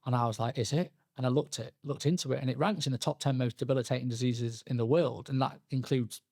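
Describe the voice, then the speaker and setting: A young man, a podcast guest telling his story candidly, halting and restarting often. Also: mid-range voice, steady tone, creaky, darkish tone, no room sound, studio quality. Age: young adult. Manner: halting, frequent restarts and fillers, quoting himself and others.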